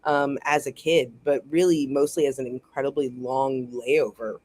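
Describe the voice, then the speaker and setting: An American author chatting casually as a guest over a video call, animated and rambling, laughing often. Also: medium pitch, moderate pace. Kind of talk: casual chat.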